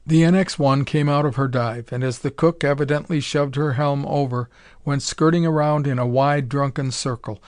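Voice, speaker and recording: A man narrates an audiobook in a steady storytelling voice at a middle pitch. The recording is close and dry, with no room sound. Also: normal speed, no echo.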